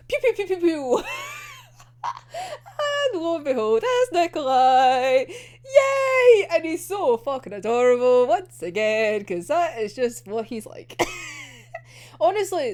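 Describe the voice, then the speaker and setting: A woman casually reacting to an anime episode, excitable and sweary with frequent giggles. Her voice is a little high and very animated, swooping up and down. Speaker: vlogger.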